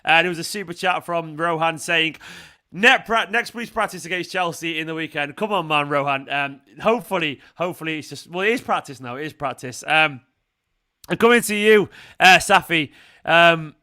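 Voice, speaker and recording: A man hosts a live fan stream, talking in an excitable, emotional way and swearing freely. His voice is bright and forceful, and sits fairly high for a man. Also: moderate pace. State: emotional after crying. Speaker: fan channel host. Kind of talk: casual live stream chat.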